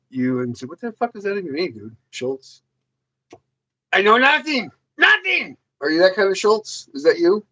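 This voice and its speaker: Rambling high-voiced man hosting a livestream. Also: lo-fi sound. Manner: rambling, crude and joking. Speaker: livestream host. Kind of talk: casual livestream chat answering viewers.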